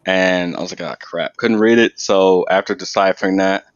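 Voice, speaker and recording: Low-voiced man on a dull dry recording. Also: fairly even intonation, normal speed, smooth, no echo. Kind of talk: casual chat.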